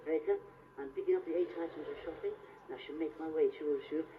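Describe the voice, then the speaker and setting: A man's voice: steady tone, fast, slight background noise. A man, performing a cheeky, teasing live comedy routine with an audience volunteer on a theatre stage. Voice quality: squeaky high voice. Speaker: stand-up comedian. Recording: distant, muffled live theatre recording.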